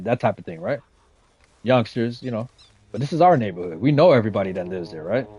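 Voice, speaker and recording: Chatting casually while he plays, this gaming streamer from San Jose's west side speaks fast in a lowish, expressive, warm and slightly rough voice with no echo. He tells stories in laid-back, profane street slang, constantly checking in with "right?" and "you know what I'm saying".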